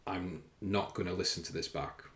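Brief: male fitness coach, solo podcast, deep voice, rambling and self-conscious, echoey room. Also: steady tone, moderate pace, fairly bright tone. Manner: rambling and self-conscious, with frequent fillers and swearing. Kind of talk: casual solo podcast chat. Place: room indoors, filming himself. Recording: roomy echo.

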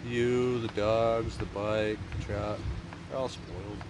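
A man's voice: fairly low pitch, steady tone, slow pace. A man in his thirties chatting casually and joking with his wife. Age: 30s. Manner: joking, laid-back banter. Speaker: vlogger, retired husband. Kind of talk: casual outdoor chat. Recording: noisy outdoor recording, traffic nearby.

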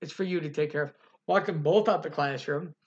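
Young male podcast co-host, casual and animated, swears freely, acts out quotes; slightly raised pitch, muffled recording. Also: a little fast. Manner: profane, animated storytelling with acted-out quotes. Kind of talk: casual storytelling chat.

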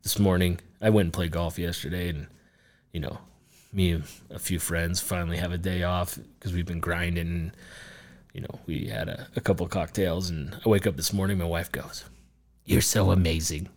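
A man's voice: low-pitched, steady tone, moderate pace, a little mellow. A man, a business owner, talking as a podcast guest in a rambling way with lots of fillers and casual swearing. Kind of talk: casual interview chat.

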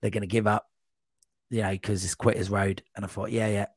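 A man guest on a podcast, telling a long, rambling running anecdote in a casual, animated way. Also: on the low side, brisk, husky, dry recording. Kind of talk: casual storytelling.

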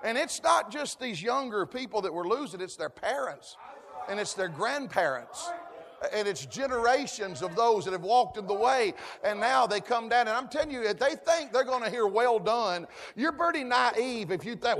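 A man preaching a folksy sermon, calling for amens and building to shouts. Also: very high voice, expressive, normal speed. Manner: folksy, call-and-response, rising to shouts. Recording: long hall reverb.

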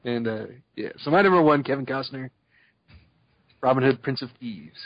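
A man's voice: mid-range voice, moderate pace, no room sound, dull audio. A man co-hosting a podcast in casual chat, telling stories with jokes and frequent laughter. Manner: joking, animated storyteller, laughs often. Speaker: podcast co-host.

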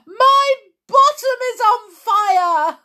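A woman voicing a panicking young boy in a storybook reading, crying out in shrill yelps. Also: lively intonation, drawn-out words, bright, forceful tone, exaggerated voice. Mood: panicked. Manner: yelping, shrill cries.

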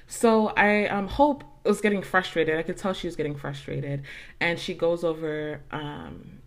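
Speaking a little slowly in a low-pitched voice, a young woman podcast host shares a personal story. She keeps it casual and chatty, with plenty of swearing and fillers.

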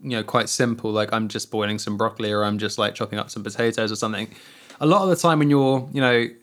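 A man in a casual comedic podcast chat, thinking out loud as he talks. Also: on the low side, quick pace.

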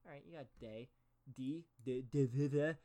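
A man's voice: medium pitch, measured pace, warm tone. A man hosting a solo podcast, reading aloud and reacting with sarcastic, profane, mock-outraged commentary. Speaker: podcast host.

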